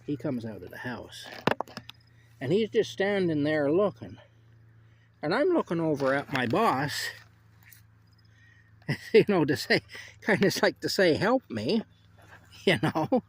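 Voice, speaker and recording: A man's voice: a little high, very animated, measured pace, long pauses, a little hiss or hum. A man telling a casual work anecdote outdoors in a rambling way, with frequent fillers, repeating himself as he goes. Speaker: storyteller. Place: outdoors while picking strawberries.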